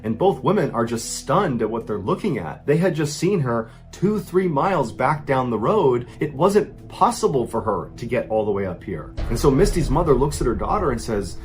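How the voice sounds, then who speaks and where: A man's voice: medium pitch, sing-song, normal speed, few pauses, soft background music. Man telling a suspenseful horror story. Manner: suspenseful, builds tension with rising intensity.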